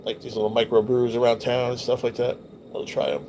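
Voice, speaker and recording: A man livestreams while reminiscing over old photos, rambling loosely and swearing along the way. He talks fast at a medium pitch with little variation and a darkish tone, over slight background noise.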